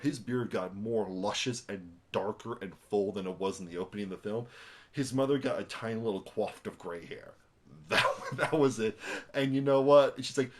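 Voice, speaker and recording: A young man talks through a film review in a loose, rambling way, stumbling over restarts and ums. His voice sits a little low, and he grows lively when he retells scenes. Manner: rambling, animated, with many fillers and restarts. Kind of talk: casual spoken film review.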